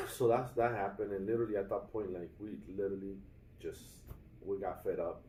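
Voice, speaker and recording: A man's voice: on the low side, little pitch movement, normal speed, echoey room, distant mic, slight background noise, rough recording. A young adult man vlogging casually about a bad hotel stay, rambling with many fillers and restarts and calling his viewers guys. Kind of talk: casual vlog complaint. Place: hotel room.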